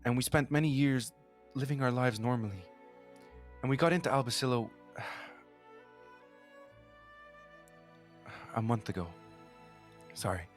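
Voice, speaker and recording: Desperate young woman seeking allies, voiced plainly by a man; halting, pleading delivery. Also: mid-range voice, wildly swooping pitch, soft background music. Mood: grieving. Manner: pleading, hesitant, many restarts. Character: desperate young woman searching for her sister.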